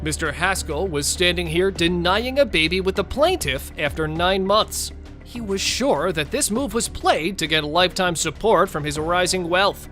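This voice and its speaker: A man's voice: high voice, expressive, normal speed, a bit bright. A man narrating a court show recap in a mocking, gossipy tone, over faint music.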